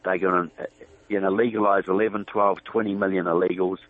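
Emphatic New Zealand-accented guest, lowish voice, heard over a tinny phone. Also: male voice, little pitch movement, fast. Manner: emphatic, repeats words when starting a point. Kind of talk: political talk radio. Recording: tinny dry phone line.

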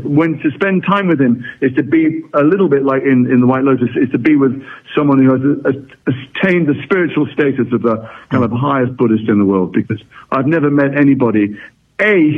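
A middle-aged English actor from England, talking reflectively and wryly as a radio interview guest. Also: male voice, medium pitch, breathy edge. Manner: reflective, articulate, wry. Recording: phone-like radio line.

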